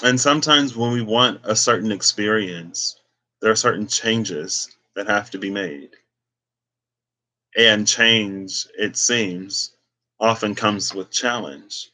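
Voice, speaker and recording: Guy doing a rambly tarot talk, kinda low voice but bright and punchy, lots of likes and you knows. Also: slow pace. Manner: reflective, meandering, many fillers. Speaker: tarot reader. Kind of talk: casual spiritual talk to camera.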